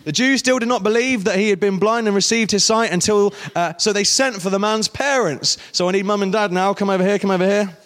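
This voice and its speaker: A guest speaker leads an interactive youth talk, playfully coaching volunteers through a skit. His voice sits high for a man. It carries a long reverb from a large hall. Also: brisk, hardly any pauses, fairly bright tone. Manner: playful, directs volunteers on stage.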